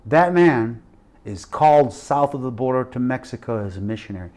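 A man's voice: medium pitch, lively intonation, moderate pace, darkish tone, lightly acted. A man acting out a male church prophet who speaks in an urgent, emphatic, raised voice.

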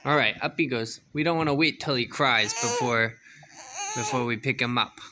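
A woman's voice: extremely low pitch, normal speed, background noise. A young adult woman, a mother, chatting to her baby at home in a coaxing, sing-song way. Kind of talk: casual baby talk at home.

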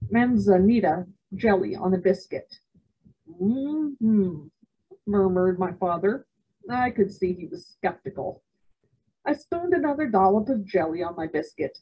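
A woman at a library reading a children's novel aloud in a measured, expressive way. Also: mid-range voice, slightly rough, low-quality recording. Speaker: library storyteller.

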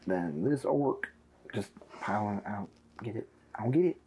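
A man's voice: lowish voice, lively intonation, measured pace, mellow, slight background noise. A man chatting casually and joking while playing a board game on an app. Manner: joking, playful, talks while clicking. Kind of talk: casual gameplay chat.

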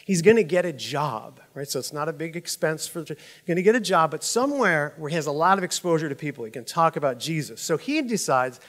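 A man with a slightly high voice delivers a sermon from the pulpit. He talks like he's chatting with the congregation, spinning an animated story and checking in with quick asides. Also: big-room sound. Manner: animated storytelling, chuckles at own jokes; conversational, frequent "right?" asides. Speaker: pastor.

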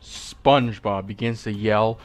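A man reading a creepy fan story aloud, slowly, breaking off for joking asides and corrections. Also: fairly low pitch, fairly even intonation, faint music behind. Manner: slow, with asides and self-corrections. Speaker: creepypasta reader.

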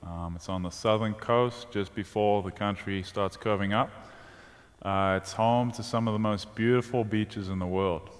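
A South African man in his twenties, telling his story as a guest in an interview on a church stage, relaxed and easygoing. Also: fairly low pitch, normal speed. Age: 20s. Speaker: guest swimmer. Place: church sanctuary. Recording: long reverb of a large hall.

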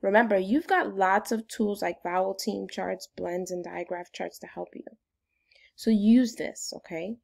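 A woman's voice: medium pitch, unhurried, gravelly, darkish tone. A woman teacher giving a phonics lesson to young children in an upbeat, sing-song way.

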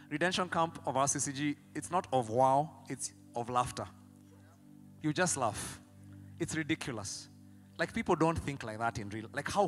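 A man with a Kenyan accent preaching a sermon, telling stories in an animated way that swings from loud excitement to quiet emphasis. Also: medium pitch. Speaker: pastor.

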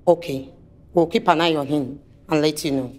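Actress as a senior woman doctor, calm, measured, lower voice. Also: lightly acted.

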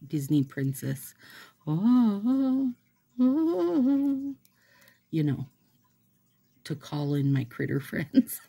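Woman, nail vlogger, casual rambling chat, slow gravelly voice. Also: deep voice, mellow. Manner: rambling, chatty, laughs often. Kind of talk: casual chat while doing a manicure.

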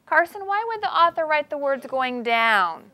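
A woman teacher in a classroom reading a storybook aloud to young children, with expressive sing-song delivery and questions to the class. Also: high-pitched, moderate pace, no echo. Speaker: preschool teacher.

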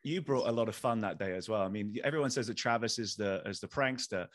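A man co-hosting a podcast, telling anecdotes in casual chat with quick restarts. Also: fairly low pitch, dry recording, studio quality. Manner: fast, animated storyteller, many restarts. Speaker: podcast co-host.

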